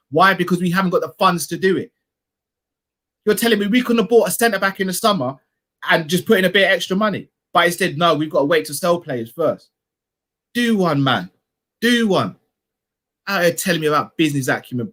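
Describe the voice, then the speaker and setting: A man's voice: sits high, animated, fairly quick, fairly bright tone. A young man hosting a live fan reaction stream, ranting heatedly and repeating himself for emphasis. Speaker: fan channel co-host. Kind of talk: live post-match reaction rant.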